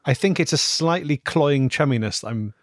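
A man's voice: fairly high pitch, lively intonation, normal speed, no room sound, clean studio sound. A man on a comedy podcast, telling a story playfully in casual chat.

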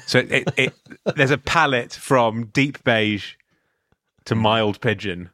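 A man's voice: medium pitch, slow pace, sharp tone, no room sound, clean studio sound. A man hosting a comedic podcast, rambling and joking in casual chat, often restarting words.

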